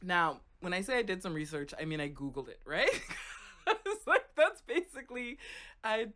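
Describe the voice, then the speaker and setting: Animated woman host, low voice. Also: fairly quick. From Florida. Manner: animated, conversational, frequent "right?" and "okay?". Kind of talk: casual storytelling monologue.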